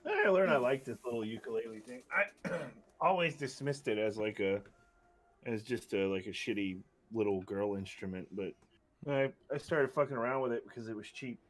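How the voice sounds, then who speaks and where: A man's voice: mid-range voice, moderate pace. A young man as a podcast guest, chatting in a laid-back, loose way with casual swearing. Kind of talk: casual chat.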